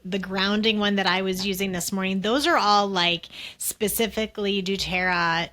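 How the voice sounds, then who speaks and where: Casting: upbeat woman podcast host, mid-pitched, bright tense tone, quick questions. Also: steady tone. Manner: enthusiastic, asks questions and reacts. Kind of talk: casual podcast chat.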